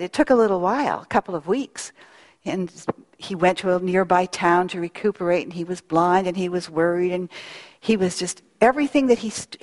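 Middle-aged woman, spiritual speaker; unhurried, reflective delivery; hall reverb. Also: mid-range voice. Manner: earnest, reflective, slow pauses. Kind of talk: devotional talk with storytelling.

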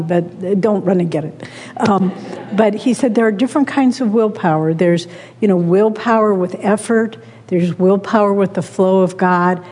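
A woman giving a gentle, unhurried spiritual talk to a morning gathering. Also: medium pitch, husky. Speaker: spiritual teacher. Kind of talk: sermon. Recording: long hall reverb.

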